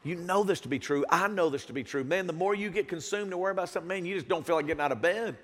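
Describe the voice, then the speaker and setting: A man with a bright, high-pitched voice preaches in a church sanctuary, his words trailing into a long hall reverb. He swings between soft, intimate moments and loud bursts and keeps calling out to the congregation for a response. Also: racing. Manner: calls out to the congregation. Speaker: pastor. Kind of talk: sermon.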